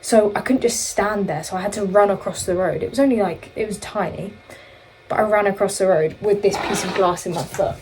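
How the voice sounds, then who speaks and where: A young woman chatting through a long storytime for her vlog. She rambles, circles back and corrects herself mid-sentence in an easy, middle-pitched voice. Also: fairly quick, a little mellow, slight background noise, poor audio. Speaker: vlogger. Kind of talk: casual storytime chat.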